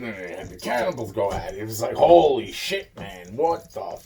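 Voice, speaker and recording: A man's voice: fairly low pitch, very animated, moderate pace, creaky, dark tone. A man delivering a rambling, agitated monologue, swearing constantly and repeating himself. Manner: profane, agitated, repetitive ranting.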